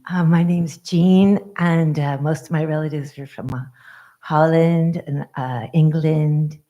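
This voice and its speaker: A woman with a low, mellow voice talks slowly and haltingly. The recording is dull and lo-fi. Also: steady tone. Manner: halting, many fillers. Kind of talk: casual self-introduction. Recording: dull lo-fi sound.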